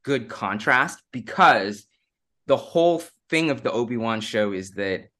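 A man's voice: mid-range voice, lively intonation, unhurried, pushed and bright. A man talking in a casual podcast chat, thoughtful and explaining at length.

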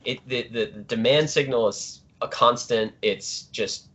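Man, middle-aged, mid-pitched, hesitant guest, muffled audio. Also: unhurried, fairly bright tone. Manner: hesitant, many fillers. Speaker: podcast guest, naval writer. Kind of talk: casual interview answers.

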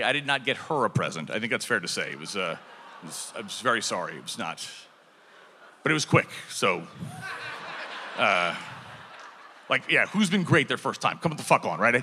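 A man telling a comic story on stage, acting out the people in it and breaking into shouted dialogue. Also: medium pitch, moderate pace, long pauses, a little hiss or hum. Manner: animated, acts out shouted dialogue. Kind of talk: live comedic storytelling. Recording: long hall reverb.

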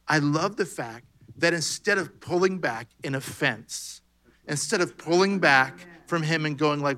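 A man preaching with a bright, forceful voice that sits a little high for a man. He talks conversationally and acts out short bits of dialogue as he makes his point. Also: animated, moderate pace. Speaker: pastor. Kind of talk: sermon.

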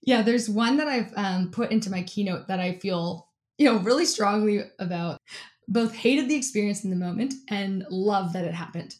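An animated woman tells a story as an interview guest. She talks casually, leans on "like" again and again, and breaks into laughter as she goes. Her voice sits at a middle pitch for a woman. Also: normal speed. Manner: animated, fills speech with "like", laughs often. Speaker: interview guest, athlete and keynote speaker.

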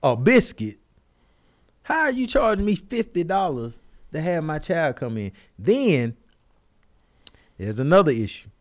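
A man's voice: fairly high pitch, unhurried, long pauses. A man in his forties, a podcast co-host, telling a story in casual chat and acting out what other people said. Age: 40s. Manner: animated, acts out others' lines in his stories.

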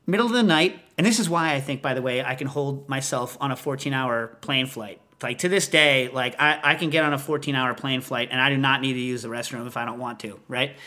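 A man's voice: medium pitch, sharp tone. A man hosting a podcast, telling a rambling comic story full of asides. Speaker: podcast host.

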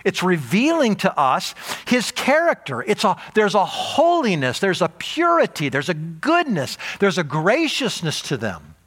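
Animated male preacher with a lively voice. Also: high voice, a little slow, few pauses. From United States. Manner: animated preaching, emphatic repetition. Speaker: pastor. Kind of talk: sermon.

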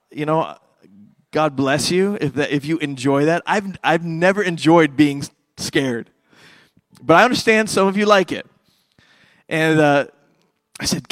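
A middle-aged man preaching a sermon as a pastor, swinging between loud fervent passages and quiet hushed ones. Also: medium pitch, dry recording.

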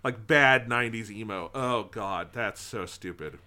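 A man co-hosting a podcast, chatting casually about a movie, animated, swearing freely and acting out lines from the film. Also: fairly low pitch, unhurried. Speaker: podcast co-host. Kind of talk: casual film review chat.

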